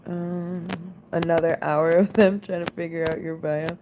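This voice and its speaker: A woman's voice: lowish voice, measured pace, noisy background. A woman, chatting casually and rambling with viewers on a late-night live stream. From United States. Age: 20s. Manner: rambling, relaxed, lots of "like" fillers. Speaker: livestream host.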